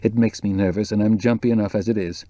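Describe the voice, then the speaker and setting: A man reading the part of a jumpy, anxious young woman with a low, breathless voice in an audiobook. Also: steady tone, fast, mellow, no echo, lightly acted. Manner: nervous, jumpy, worried.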